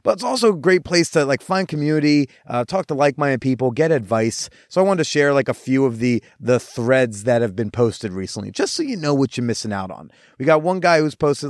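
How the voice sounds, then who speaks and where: Profane, animated young man telling stories. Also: fairly high pitch, dry recording, clean studio sound. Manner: animated and profane, with quick asides. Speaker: podcast host. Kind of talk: casual storytelling monologue.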